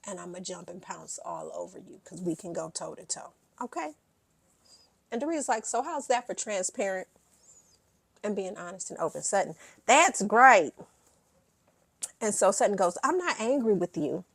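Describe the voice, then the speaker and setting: A woman's voice: mid-range voice, animated, normal speed, creaky, a little mellow, breathy edge, no room sound. Sassy woman dishing reality TV gossip. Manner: brash and sassy, quoting the cast in bursts. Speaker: reality TV recap host. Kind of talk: sassy reality show recap commentary.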